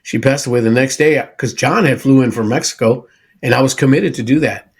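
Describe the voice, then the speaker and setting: A man in his sixties hosts a casual podcast from his home studio. His voice is husky with a breathy edge, sitting in a middle range. He talks loosely and familiarly, with plenty of bro and dude. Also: mid-range voice, brisk. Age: 60s. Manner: easygoing, says bro and dude a lot. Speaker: podcast host. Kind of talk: casual chat.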